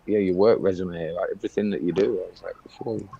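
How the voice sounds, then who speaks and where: A man's voice: deep voice, steady tone, fast, creaky, dull audio, a crowd in the background. A man chatting casually with friends on a sports fan show, friendly and a bit hesitant. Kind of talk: casual banter.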